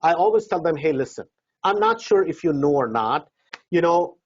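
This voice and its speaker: A man's voice: fairly high pitch, very animated, normal speed, slightly rough, lo-fi sound. A man coaching real estate investors in a seminar talk, conversational, acting out doorstep dialogue and often asking "right?".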